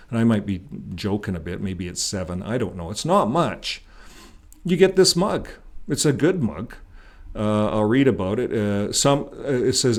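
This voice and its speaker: A man from Canada talks to his viewers in a casual, rambling way, with plenty of filler words and false starts. His voice sits at an average pitch, and his delivery is folksy and conversational. He records from behind the screen, narrating over what he shows. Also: a little mellow. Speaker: YouTube channel host. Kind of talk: casual vlog talk to viewers. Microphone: desktop mic while screen recording.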